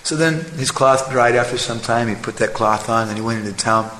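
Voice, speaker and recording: A man's voice: medium pitch, brisk, a bit bright, slight background noise. A male preacher giving a conversational sermon, telling a story and often checking in with the audience. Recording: echoey hall, faint ambience.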